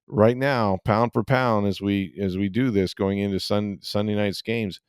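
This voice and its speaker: Middle-aged male podcast host with a deep voice, chatty and rambling, dry studio sound. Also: a little mellow, clear, resonant tone, no echo. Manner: rambling storyteller with many fillers. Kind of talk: casual sports podcast chat.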